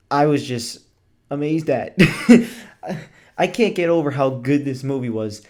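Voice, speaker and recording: Excited, swearing young male movie reviewer. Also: medium pitch. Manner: excited, gushing, swears casually, laughs often. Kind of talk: casual chat.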